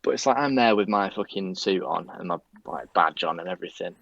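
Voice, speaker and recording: A man's voice: low-pitched, lively intonation, fairly quick, gravelly, fairly bright tone, no echo. A young man telling a work story in a casual, rambling way, full of fillers and swearing. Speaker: police staff guest. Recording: dull lo-fi mic.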